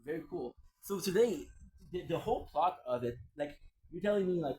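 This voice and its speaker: A man's voice: a little high, expressive, moderate pace, a little mellow, rough recording. A man streaming and chatting casually, rambling and repeating himself with plenty of swearing. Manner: swears freely, rambling and repetitive.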